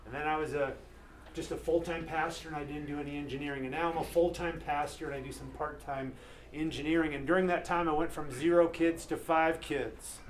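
A man in his thirties preaching an earnest, animated sermon to a men's group as pastor. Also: a little high, a little fast, slight background noise. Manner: earnest, animated, acts out quoted voices.

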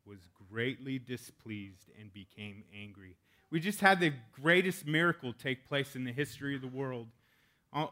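A man's voice: medium pitch, sharp tone. A male pastor preaching a sermon in a casual, candid way, with joking asides.

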